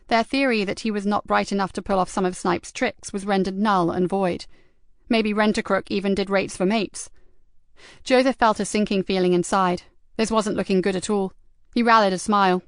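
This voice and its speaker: A woman narrating an audiobook in an even, measured storytelling manner. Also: medium pitch, smooth, no echo, clean studio sound. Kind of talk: scripted narration.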